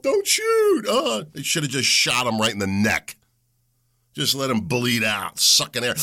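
A man delivers a heated talk-show monologue. His voice is gravelly and bright, and his pitch swoops widely as he rants. He mocks the people he quotes. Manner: angry, ranting. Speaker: podcast host. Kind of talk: opinion monologue.

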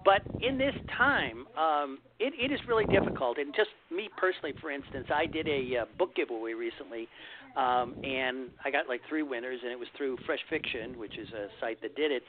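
A man with a mid-pitched voice explains his view in a conversational way. He is an author speaking as a guest on a talk show. His voice comes over a tinny phone line with a faint hiss behind it. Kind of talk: casual chat on a call-in show.

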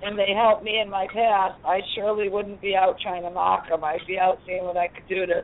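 A woman's voice: medium pitch, little pitch movement, a little fast. A woman calling in to a show, chatting casually and chiming in with supportive agreement. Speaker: caller. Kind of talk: casual phone chat. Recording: tinny phone line with faint noise.

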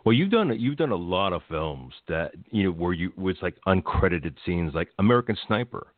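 A man hosting an interview, asking questions in a halting, hesitant way. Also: low-pitched, sing-song, no room sound. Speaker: interviewer, radio host. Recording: tinny phone-like line, dry.

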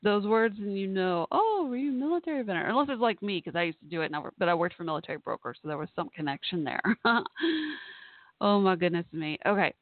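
Over a tinny phone call-in line, a solo female podcast host rambles casually on a live show, laughing often. Her voice is fairly low and fast, and the recording is dry.

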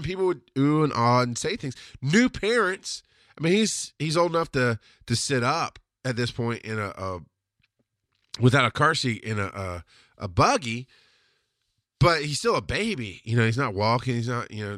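Bright forceful guy ranting through a story, swears a lot, dry close sound. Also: mid-range voice, lively intonation, normal speed, dry recording. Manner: blunt and profane, heated and emphatic. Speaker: podcast host. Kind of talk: casual storytelling monologue.

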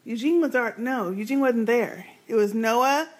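High-voiced woman recapping a show. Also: normal speed. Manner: animated storytelling, acts out quotes. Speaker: podcast co-host. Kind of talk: casual chat recapping a TV episode.

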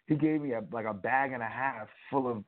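A man co-hosting a casual talk show, telling a rambling, animated story full of fillers. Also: medium pitch, fairly quick. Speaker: co-host. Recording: tinny phone-like audio.

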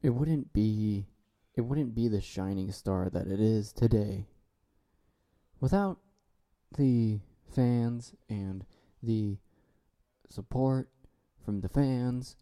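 A man hosting a solo comedy talk show, rambling in a deadpan, absurd way. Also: on the low side, takes it slowly.

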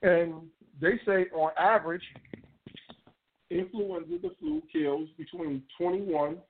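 A man's voice: on the high side, steady tone, takes it slowly. A male radio show host telling stories in casual slang, repeating words as he talks. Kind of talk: casual storytelling chat. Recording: echoey tinny phone-like line, distant mic.

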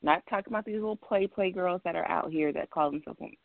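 A woman's voice: on the low side, fast, gravelly, no echo. A woman calling in to a casual discussion show, explaining at length in an emphatic, repetitive, rambling way. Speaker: caller. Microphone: phone. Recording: tinny phone line.

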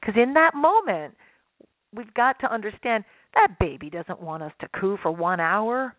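A woman's voice: mid-range voice, moderate pace, no room sound. A woman guest expert telling stories in a radio interview, acting out little voices as she explains. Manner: animated storyteller, acts out voices. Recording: dry, phone-like line.

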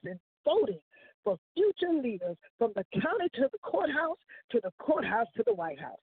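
A gospel radio host, a woman, prays with a fervent preacher's cadence and stretched-out phrases. Her voice is husky and close, with no room around it. It all comes through a thin, phone-like line. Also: fairly high pitch, dry recording. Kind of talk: spoken prayer on air. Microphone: phone call-in.

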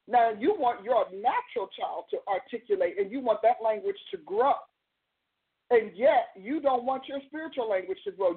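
A woman's voice: a little high, animated, normal speed. Woman preaching over a tinny phone line. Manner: emphatic, repeats phrases for stress. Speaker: preacher and show host. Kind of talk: conversational preaching.

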